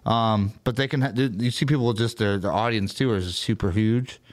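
A man's voice: fairly low pitch, moderate pace. Swearing male podcast host telling a story. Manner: animated storytelling with frequent swearing. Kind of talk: casual chat.

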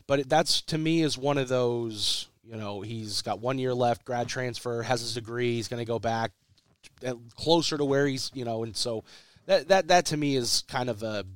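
A sick man hosts a casual sports podcast in a dry, close room. His congested voice sits at an ordinary middle pitch, and he rambles, repeating words as he restarts his sentences. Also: smooth, no echo. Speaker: podcast host.

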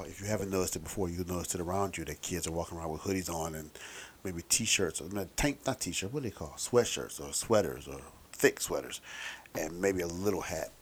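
A man's voice: deep voice, a little hiss or hum. A middle-aged man talking in a casual, rambling, wry monologue with some profanity.

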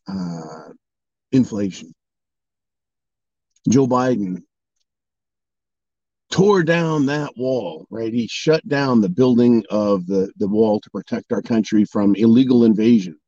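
A man's voice: on the low side, dark tone, no echo. Angry ranting man, dull dry recording. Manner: angry, swearing, mocking, with sarcastic put-on quotes. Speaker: political commentator. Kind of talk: ranting monologue.

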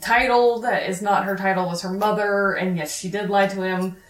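A woman's voice: mid-range voice, steady tone, moderate pace, echoey room. A woman co-hosting a casual chat, retelling film scenes and agreeing often with her partner. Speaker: podcast co-host.

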